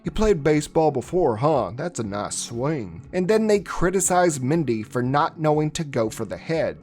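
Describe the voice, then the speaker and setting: Snarky man reviewing a movie, higher voice. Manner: snarky, mocking. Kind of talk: sarcastic commentary.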